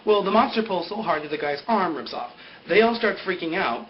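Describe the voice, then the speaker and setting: A young man talks through a story in a loose, animated way, leaning on fillers as he goes. His voice sits a bit high. The home recording sounds dull and lo-fi, with a faint hiss. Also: brisk. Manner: rambling and animated, with lots of "like". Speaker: vlogger recapping a TV episode. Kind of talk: casual spoken recap.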